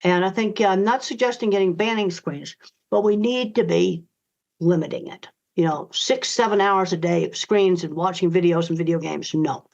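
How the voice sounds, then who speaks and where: A woman's voice: fairly low pitch, normal speed, vocal fry, a little mellow. Blunt older woman, dull lo-fi audio. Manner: blunt, emphatic, direct. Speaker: guest author. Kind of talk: interview answers.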